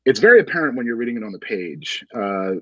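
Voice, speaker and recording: A man interviewing an author in a livestreamed bookshop conversation, asking a long-winded, halting question. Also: medium pitch, very animated, dry recording, lo-fi sound.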